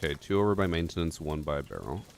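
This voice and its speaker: Deep-voiced man streaming a shooter. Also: fast, gravelly, noisy background. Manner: joking, chatty, relaxed callouts. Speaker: streamer playing a tactical shooter. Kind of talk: casual gaming chat and callouts. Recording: game sounds and clicks behind.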